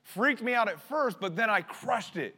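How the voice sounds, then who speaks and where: A man in his thirties preaching a sermon with passion, swinging from loud bursts to hushed words. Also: high-pitched, lively intonation, normal speed, breathy edge. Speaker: pastor. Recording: long hall reverb.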